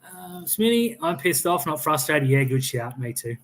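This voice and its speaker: A man's voice: fairly high pitch, big pitch swings, normal speed, a bit bright, a little hiss or hum. An Australian man hosting a fan sports chat, blunt and opinionated, swearing freely and often restarting his sentences. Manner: frequent restarts and stammered repeats. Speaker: fan podcast host. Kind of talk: casual live-stream sports chat.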